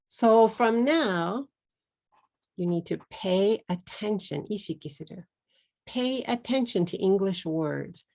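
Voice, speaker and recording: A middle-aged woman from Texas with a Texan accent, teaching an online English lesson in a slow, deliberate way and slipping into Japanese at times. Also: mid-range voice, dark tone. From Texas, USA.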